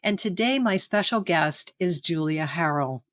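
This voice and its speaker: A woman podcast host reading a guest introduction in a measured, deliberate way. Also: on the low side, expressive, dry recording.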